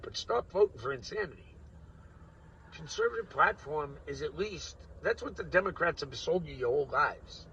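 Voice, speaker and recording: A man in a rambling, profane monologue that veers from low mutters to loud outbursts, recorded dull and from a distance. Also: a little hiss or hum. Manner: coarse and profane. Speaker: vlogger.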